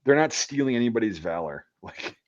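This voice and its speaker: Man in his thirties, veteran, casual podcast chat, swears a lot, animated storytelling, slightly dull recording. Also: on the low side, a little fast. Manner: profane, animated storyteller acting out quotes. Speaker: podcast host, military veteran.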